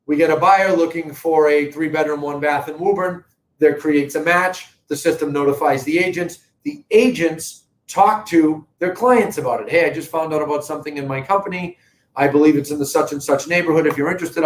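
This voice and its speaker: Emphatic man, higher voice. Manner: energetic, emphatic and direct to viewers. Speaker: real estate broker host. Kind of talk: live-streamed market update. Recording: echoey room with faint rumble.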